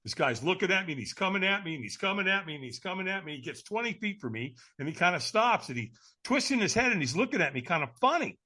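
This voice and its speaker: A man, a guest speaker, telling a story in an energetic, emphatic way and laughing often. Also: sits high, quick pace. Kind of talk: animated storytelling.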